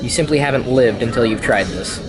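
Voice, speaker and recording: A man's voice: mid-range voice, a little fast, noisy background. A man hosting a casual vlog, joking with his partner and describing the food at a restaurant. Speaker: vlog host. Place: restaurant and parking garage.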